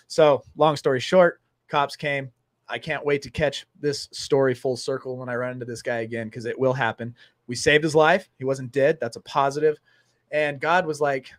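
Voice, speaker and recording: A man hosting a casual talk show, telling a story with lively acted-out dialogue. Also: medium pitch, normal speed, no echo, studio quality. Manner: animated storyteller acting out dialogue. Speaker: host.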